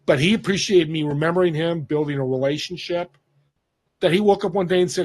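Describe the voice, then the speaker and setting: A man's voice: a little high, fairly quick. A man in his fifties from Northern California, a podcast guest telling a story and acting out the voices of people he quotes. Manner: animated storyteller who acts out quoted voices. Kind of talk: casual storytelling interview.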